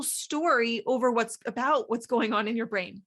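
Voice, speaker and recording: A woman's voice: on the high side, normal speed, a bit bright. A woman hosting a solo coaching podcast, talking casually with many fillers and acting out inner thoughts. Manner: chatty, lots of "like" fillers, acts out inner voices.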